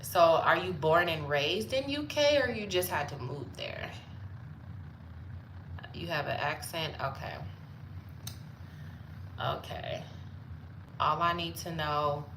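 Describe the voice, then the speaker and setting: A woman's voice: low-pitched, slow pace, pauses often, echoey room, background noise. A woman chatting playfully with viewers during a casual live stream.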